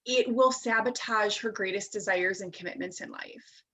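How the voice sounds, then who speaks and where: A woman in her thirties speaking as a life-coach guest in an interview. She talks reflectively and chattily, with fillers and quick asides. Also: mid-range voice, fairly bright tone, a little hiss or hum. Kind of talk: casual interview chat.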